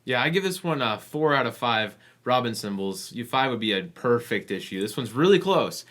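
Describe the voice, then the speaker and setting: A man co-hosting a comic book podcast, dry and deadpan, trading in short put-downs. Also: medium pitch, moderate pace. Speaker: podcast co-host. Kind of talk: casual comic review chat.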